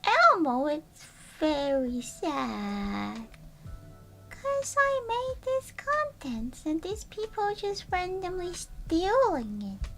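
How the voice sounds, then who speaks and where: A woman doing a whiny, squeaky Elmo. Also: sing-song, vocal fry, fairly bright tone, soft background music, exaggerated voice. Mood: sad whining. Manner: whiny, drawn-out complaining. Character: small furry red monster, childlike, sulking.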